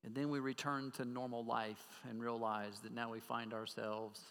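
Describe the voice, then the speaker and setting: A man's voice: mid-range voice, level tone, moderate pace, a bit bright, clean tone, in a large hall. A man preaching a sermon as pastor, earnestly asking the congregation direct questions.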